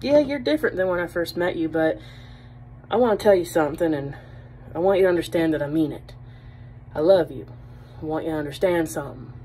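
A woman voicing her blunt, matter-of-fact rural husband in her own slightly quick voice. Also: low-pitched, animated, mellow, slight background noise, rough recording. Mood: earnest. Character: blunt rural husband, man of few words.

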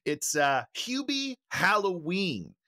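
A man's voice: high voice, big pitch swings, slow pace, sharp tone. A man co-hosting a casual podcast chat, enthusiastic and agreeable. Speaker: podcast co-host.

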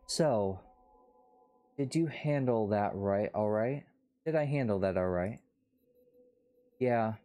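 A man's voice: on the low side, lively intonation, takes it slowly, long pauses, dark tone. A man streaming a story game, reading its dialogue aloud and playfully switching between put-on voices. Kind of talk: voicing characters in a story game playthrough.

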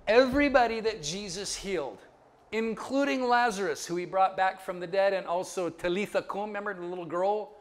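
A man giving a Bible lecture in an animated way, often checking in with listeners and chuckling in asides. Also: sits high, a little fast. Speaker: Bible teacher.

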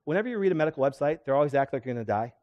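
A man's voice: mid-range voice, rapid-fire, lo-fi sound. Middle-aged male chiropractor leading a live seminar; keeps throwing questions at the room. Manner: animated, asks the audience questions. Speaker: chiropractor giving a health talk. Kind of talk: live seminar lecture to an audience.

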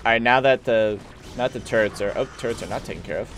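A man's voice: on the low side, fast talker, slight background noise. A man streaming a strategy game, joking and barking orders at his units with playful mock belligerence. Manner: giggly and excitable, mock-belligerent. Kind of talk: live gameplay commentary.

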